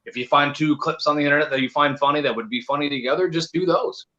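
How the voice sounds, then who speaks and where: A man's voice: a little high, fast, sharp tone. A man, a content-creator guest, telling laid-back, joking anecdotes in casual chat. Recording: muffled lo-fi audio.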